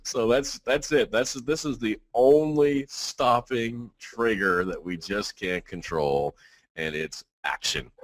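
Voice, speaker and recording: A man's voice: mid-range voice, takes it slowly, no echo. A man who co-runs a company and works its help desk, talking loosely on a webinar with many ums and small laughs. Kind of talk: webinar chat.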